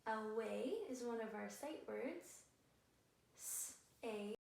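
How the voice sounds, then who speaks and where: A woman teacher giving a patient phonics lesson to young children, sounding words out slowly and carefully. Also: a little high, creaky, darkish tone. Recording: echoey room, voice a bit far from the mic.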